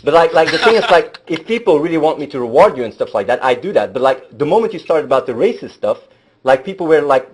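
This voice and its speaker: A man's voice: fairly high pitch, sing-song, quick pace, husky, low-quality recording. A man hosting a live stream, talking earnestly with many fillers and restarts. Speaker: streamer host.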